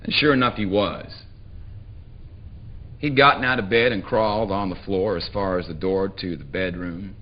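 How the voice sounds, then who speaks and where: A man playing a coarse rural drifter, drawling and low. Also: normal speed, dull audio. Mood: gleeful. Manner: drawling, earthy storytelling with relish. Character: coarse, uneducated rural Southern man, blunt and sly. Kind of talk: live dramatic reading. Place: theatre stage before a live audience.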